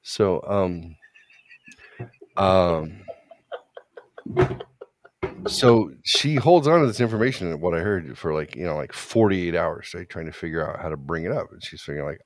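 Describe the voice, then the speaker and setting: A man's voice: low voice, expressive, moderate pace, pauses often, no echo, studio quality. A man co-hosting an online talk show, telling crude stories in a rambling, joking way. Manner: rambling, joking, voices quoted people. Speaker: podcast co-host. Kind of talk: casual chat, crude storytelling.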